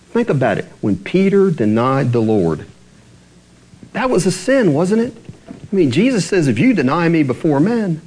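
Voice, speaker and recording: Animated man preaching, full of rhetorical questions. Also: fairly high pitch, low-quality recording. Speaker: pastor. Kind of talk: sermon.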